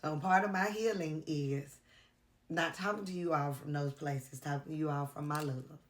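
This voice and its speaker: A woman vlogger speaking earnestly to her camera in a heartfelt, confessional way, pausing often. She sounds tired and worn out. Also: sits low, fairly even intonation. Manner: earnest, confessional, with pauses and fillers. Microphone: camera mic.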